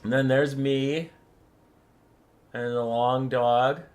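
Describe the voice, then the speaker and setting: Setting up a strategy game, this sick, stuffy-sounding young man rambles to his stream viewers and coos at pet photos. He speaks slowly in a level, mid-range voice.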